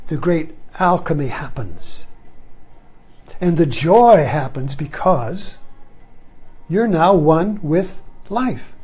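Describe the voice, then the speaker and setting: A man with a fairly high voice gives a meditative spiritual talk in a loose, conversational way. He rambles and circles back, often ending a thought with a soft, low "you see.". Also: husky. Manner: repeats "you see" softly, drops low at phrase ends. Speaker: spiritual teacher.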